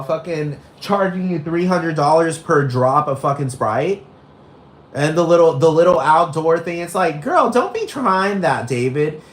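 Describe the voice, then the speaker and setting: A man's voice: fairly high pitch, fairly bright tone. A man performing a brash, gossipy young woman who goes on a rambling, profane rant in a comedic character monologue. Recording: roomy echo.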